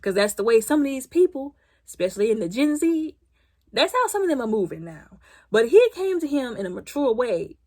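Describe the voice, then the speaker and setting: A woman talks through a film in a casual, comedic review, retelling the story in animated, colloquial style. Her voice is husky and a little breathy. Her pitch swings widely as she talks. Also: a little fast. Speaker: movie reviewer.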